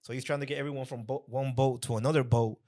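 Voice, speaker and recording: A man's voice: mid-range voice, steady tone, quick pace, darkish tone. A man born in Mexico and raised in Chicago, a comedian chatting on a podcast in a laid-back, rambling, self-deprecating way. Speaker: comedian guest. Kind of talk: casual podcast chat.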